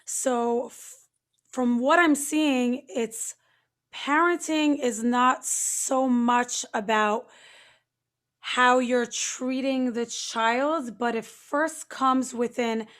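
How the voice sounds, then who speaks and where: A woman's voice: a little high, steady tone, fairly bright tone. A woman hosting an interview podcast, reflecting thoughtfully on her guest's story. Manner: slow, reflective questioning. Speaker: podcast host. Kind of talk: casual interview.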